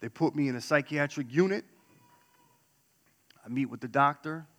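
A man's voice: a little high, moderate pace. Candid man telling his story in a hall. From New York. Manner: candid, dramatic swings between loud and hushed. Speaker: speaker. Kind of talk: personal storytelling talk. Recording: long hall reverb.

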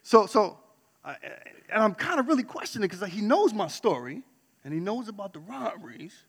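A man sharing a personal faith testimony in an earnest storytelling way, dropping to a hush and then rising to loud excitement. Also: high-pitched, normal speed, in a large hall. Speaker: church member sharing his testimony.

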